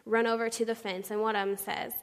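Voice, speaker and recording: Young woman sharing her testimony from the pulpit, animated storyteller, slightly high voice, long church reverb. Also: quick pace, clean tone. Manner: animated storytelling, acting out the people she quotes. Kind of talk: personal testimony told to a congregation.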